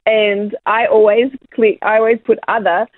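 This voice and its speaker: An Australian woman talking as an interview guest in a frank, lively way with many fillers. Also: mid-range voice, normal speed. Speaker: guest, music artist. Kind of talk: casual interview chat. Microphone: phone line. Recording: tinny phone line.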